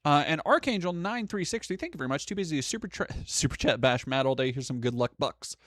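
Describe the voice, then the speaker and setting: A man's voice: fairly high pitch, animated, fast, a bit bright, dry recording, studio quality. A young man hosting a live stream, chatting casually and reading donations, rambling with frequent restarts and swearing. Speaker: streamer host.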